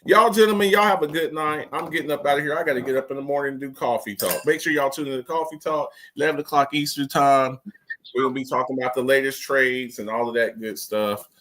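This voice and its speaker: A man's voice: medium pitch, fast. A man on a late-night sports talk show, arguing emphatically and repeating his points. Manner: animated, emphatic, repeats himself. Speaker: show regular.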